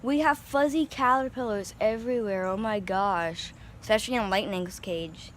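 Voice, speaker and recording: Hardly pausing, a young woman with a medium-pitched voice talks at a moderate pace while vlogging her pet guinea pigs in the backyard on a handheld phone. There's a little hiss or hum, and her narration is chatty and informal, full of fillers and sweet baby talk to the animals.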